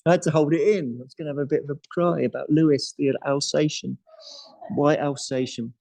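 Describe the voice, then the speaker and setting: A man leads a yoga class in a studio, his voice mellow and low in brightness. He talks in a loose, chatty way, laughing often between his cues. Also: fairly even intonation, a little fast, creaky, poor audio. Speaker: yoga teacher. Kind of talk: guiding a live yoga class.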